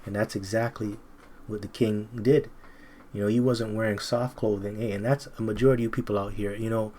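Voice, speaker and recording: A man's voice: lowish voice, level tone, a little fast, warm tone, slight background noise. A man teaching scripture informally, reading verses aloud and commenting bluntly in casual slang.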